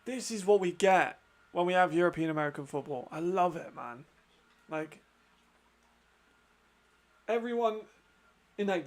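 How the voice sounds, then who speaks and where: A man with a high voice calls an American football game as he watches it. He is excitable, quick to laugh and swears freely, moving between play calls and loose chat. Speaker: football watch-along host. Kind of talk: excited live commentary and chat.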